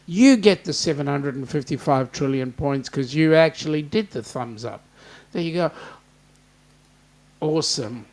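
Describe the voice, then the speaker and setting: A man's voice: on the high side, animated, unhurried, a little mellow. Joking Australian man hosting a livestream. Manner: jokey, greets chat viewers by name. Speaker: host. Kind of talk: casual livestream chat.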